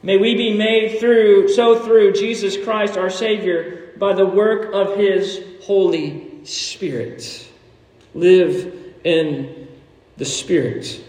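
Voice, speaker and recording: A man preaching a Sunday sermon in a church, animated and emphatic, sometimes rising to near shouts and joking with the congregation. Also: high voice, slow. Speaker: pastor. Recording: echoey hall, distant from the mic.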